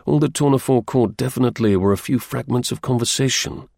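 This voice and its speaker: A man reading a historical novel aloud as an audiobook narrator, with measured, dramatic storytelling. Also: mid-range voice, gravelly, a little mellow, no room sound, studio quality.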